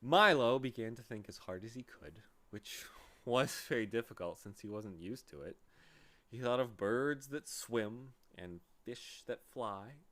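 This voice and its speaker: A man reading a children's book aloud as narrator, in an expressive, animated way. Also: mid-range voice. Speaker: reader.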